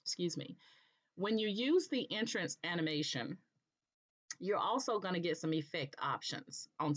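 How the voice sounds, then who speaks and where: A woman presenting a screen-recorded software tutorial, explaining patiently step by step and checking in with "okay", with an occasional cough. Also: low-pitched. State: coughing now and then. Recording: dull lo-fi recording.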